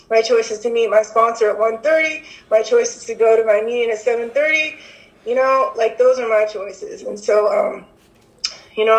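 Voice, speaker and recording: A woman's voice: on the high side, rough recording. A woman sharing frankly at a recovery meeting, rambling with many "like" and "you know" fillers. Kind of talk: casual recovery-meeting share.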